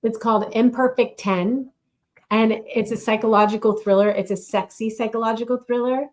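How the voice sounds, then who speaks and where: Measured, matter-of-fact middle-aged woman. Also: a little high, steady tone, a little mellow. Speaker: podcast co-host and novelist. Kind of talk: casual chat.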